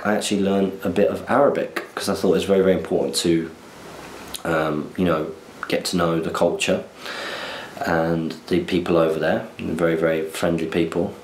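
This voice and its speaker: A man's voice: sits low, roomy sound, slight background noise. A young man from southern England hosting a podcast, chatting casually in a rambling, self-deprecating way. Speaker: podcast host. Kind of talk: casual chat.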